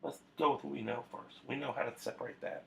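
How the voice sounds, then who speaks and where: A man's voice: mid-range voice, fairly even intonation, quick pace, creaky. A man teaching a video math lesson to his students, talking conversationally with frequent fillers and restarts.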